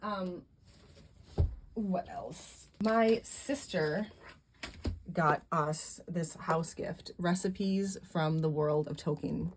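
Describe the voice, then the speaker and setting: A middle-aged woman vlogger chatting casually and gushing softly about gifts, laughing often. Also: lowish voice, very slow, slight background noise. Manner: soft-spoken and gushing, with frequent laughs. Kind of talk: casual chat showing gifts.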